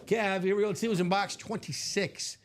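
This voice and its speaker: A man's voice: sits high, fairly even intonation, brisk, a little hiss or hum. A middle-aged man hosting a live card-break stream, chatting casually and upbeat and laughing often.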